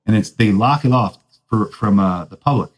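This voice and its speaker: In a rough recording, a young man with a lowish voice hosts a podcast at normal speed. Using laid-back surfer slang and saying "dude" a lot, he delivers a casual storytelling monologue, mocking himself and laughing along.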